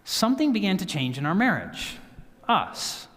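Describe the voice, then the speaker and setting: In a church sanctuary with hall reverb, a male guest speaker gives a health talk styled like a sermon. His voice sits high and his pace is moderate as he spins an animated story, performing the quotes of the people in it.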